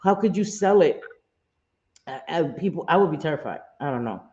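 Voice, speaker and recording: A middle-aged woman hosting a casual livestream speaks fairly quickly in a low, expressive, slightly mellow voice. She answers her home viewers freely, chatty and swearing, laughing often and reading the chat aloud. The audio is roomy, dull, and lo-fi.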